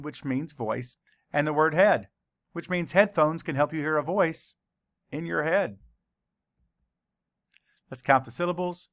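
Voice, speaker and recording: With a mid-range, slightly bright voice carrying vocal fry, a man teaches children to spell, sounding out words and going slowly through each letter. The recording has no room sound.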